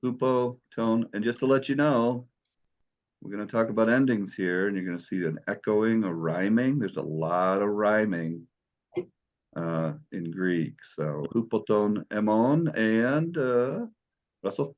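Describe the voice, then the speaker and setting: A man's voice: lowish voice, a little slow, lo-fi sound. A man teaching Greek in an online class, patient and encouraging as he explains step by step.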